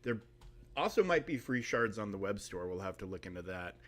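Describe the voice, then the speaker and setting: A man with a somewhat low voice hosts a casual live game stream. He rambles along, filling pauses with ums and uhs as he thinks aloud. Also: sing-song, a bit bright. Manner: rambling, chatty, full of fillers. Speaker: streamer host.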